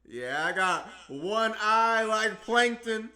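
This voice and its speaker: A man with a strikingly high, bright voice whoops and talks in a playful, exuberant way. He drags his words out slowly, and the room around him is echoey. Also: lively intonation. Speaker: stock trading video host. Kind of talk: excited casual monologue.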